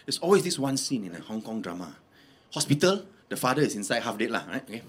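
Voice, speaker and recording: A man doing stand-up comedy, animated and laughing through his bits. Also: medium pitch, fast, a little hiss or hum.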